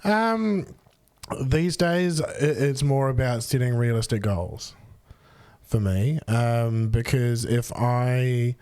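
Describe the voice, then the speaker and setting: A man's voice: medium pitch, takes it slowly, a little mellow, clear, resonant tone, dry recording. A New man hosting a podcast, talking frankly and casually and swearing freely. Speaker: podcast host. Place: studio in a computer store.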